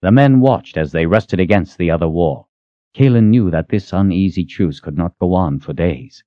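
A man narrating an audiobook with expressive storytelling. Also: low voice, normal speed, no room sound. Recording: dull, dry lo-fi recording.

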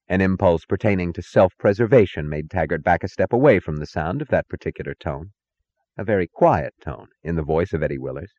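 Deep-voiced man reading a novel aloud. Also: expressive, a little mellow, dry recording, lo-fi sound. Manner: measured, dramatic reading with distinct character voices. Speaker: audiobook narrator. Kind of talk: scripted narration.

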